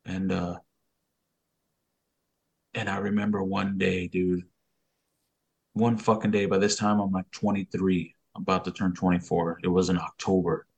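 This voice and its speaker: Low-voiced man swearing through a story. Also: little pitch movement, unhurried, gravelly, long pauses, husky. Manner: profane street slang, loose rambling delivery. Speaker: podcast guest. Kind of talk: casual storytelling.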